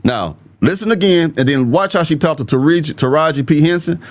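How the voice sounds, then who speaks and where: Brisk and animated, this slightly high-voiced man hosts political video commentary full of opinion. He has a mild accent from the Southern United States and speaks to his viewers directly, in a blunt, emphatic way.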